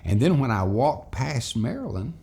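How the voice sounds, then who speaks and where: A man telling a childhood story as a moral lesson for children and parents, in an animated, folksy way. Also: mid-range voice, normal speed, gravelly.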